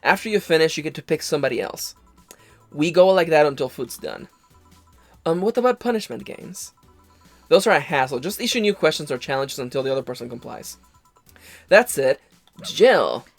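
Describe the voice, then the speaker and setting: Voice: mid-range voice, animated, normal speed, long pauses, no echo, faint music behind. A let's-play host reading game dialogue aloud and jumping between character voices.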